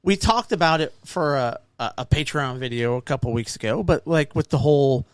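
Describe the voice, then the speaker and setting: A man's voice: fairly high pitch, a little fast, clear, resonant tone, dry recording, studio quality. A man co-hosting a casual podcast, telling stories and acting out the people in them. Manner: animated anecdotes acting out quoted people. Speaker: podcast co-host. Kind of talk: casual chat, storytelling.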